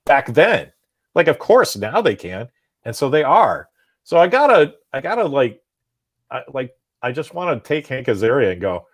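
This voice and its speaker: A man's voice: mid-range voice, moderate pace. A man as a guest in a casual comics chat, talking at length and animatedly, often tagging "right?" onto his points. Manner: talkative, animated, tags "right?". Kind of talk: casual conversation.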